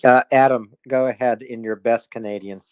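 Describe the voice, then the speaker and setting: Joking New England host. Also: male voice, mid-range voice, fairly even intonation, moderate pace, darkish tone, clean tone, no echo. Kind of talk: casual chat.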